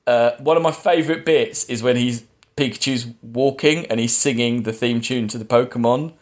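A man's voice: medium pitch, moderate pace. A man hosting a casual film podcast, rambling through a plot recap with lots of fillers and restarts. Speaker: podcast host.

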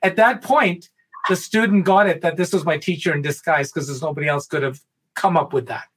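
A man talking on a podcast, telling a spiritual parable in an animated way, stumbling over many restarts. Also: on the high side, fairly quick, slightly rough. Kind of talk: spiritual talk and storytelling.

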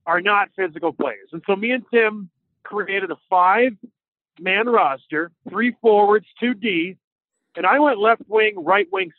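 A man's voice: high voice, no echo. A man co-hosting a casual sports podcast, chatting in a playful, rambling way. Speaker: podcast co-host. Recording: dry, tinny phone-like line.

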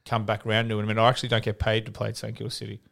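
Young Australian man, casual podcast chat, swears a lot, animated storyteller. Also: on the low side, very fast, gravelly. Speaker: podcast co-host, former footballer.

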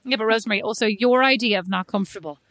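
A middle-aged woman co-hosting a casual chat, telling animated stories and teasing her friend. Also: medium pitch, rapid-fire, no room sound. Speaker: podcast co-host.

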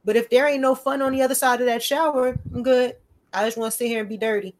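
A woman's voice: a little high, quick pace. A woman in casual conversation about her children, telling stories in a slangy, profane way and acting out both sides of the dialogue. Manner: animated storytelling, acting out dialogue in shifting voices. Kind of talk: casual podcast chat.

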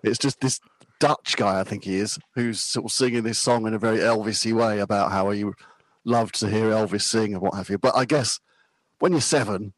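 A man's voice: fairly low pitch, no room sound, rough recording. A man in his fifties chatting casually about music, rambling and self-deprecating, laughing easily. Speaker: podcast guest.

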